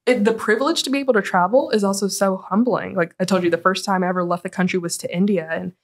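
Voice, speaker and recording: Woman guest on a podcast, talks fast, says like a lot, animated. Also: medium pitch. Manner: rapid and animated, full of "like" fillers. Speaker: interview guest, nonprofit executive director. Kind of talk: conversational interview.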